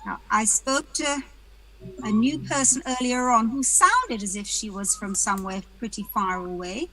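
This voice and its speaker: Bright-voiced British woman hosting a webinar. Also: fairly high pitch, lively intonation, moderate pace, rough recording. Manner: chatty, greets attendees by name, self-deprecating jokes. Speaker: webinar host. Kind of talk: casual welcoming chat on a video call. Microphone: video call.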